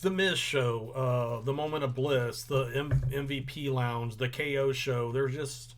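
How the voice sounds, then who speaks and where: A young man hosting a casual review show, relaxed and rambling with lots of ums. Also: medium pitch, unhurried. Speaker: host. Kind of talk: casual chat.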